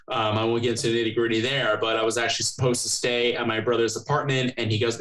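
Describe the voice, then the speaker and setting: A man's voice: mid-range voice, level tone, fairly quick, fairly bright tone, poor audio. A young man hosting a podcast, chatting casually and telling rambling stories, swearing freely. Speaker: podcast host. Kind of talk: casual chat.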